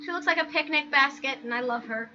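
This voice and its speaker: A woman hosting a casual commentary video, talking through pictures in an animated, exasperated rant full of "like". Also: high voice, fast. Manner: animated, exasperated ranting with frequent "like". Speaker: video host. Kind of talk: casual commentary over images. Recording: dull lo-fi sound with background music.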